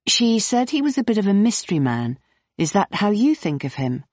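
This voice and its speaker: A narrator voicing a nervous, polite young woman asking careful questions, pitched higher than the narration, on a dull, dry recording. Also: very animated, normal speed, a little mellow, dry recording. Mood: inquisitive. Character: nervous, inquisitive young woman searching for someone.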